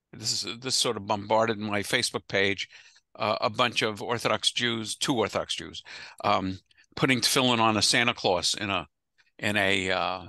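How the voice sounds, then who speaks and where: Chatty rabbi with a bright, dry voice. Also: male voice, fairly low pitch, dry recording. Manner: chatty, digressive, laughs easily. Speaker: rabbi teaching a class. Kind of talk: casual adult-education lecture. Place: online video call. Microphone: video call.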